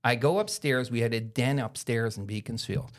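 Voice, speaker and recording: A man's voice: mid-range voice, moderate pace. A man from Canada, a podcast guest telling a story in casual chat, blunt and profane, and acting out the people he quotes.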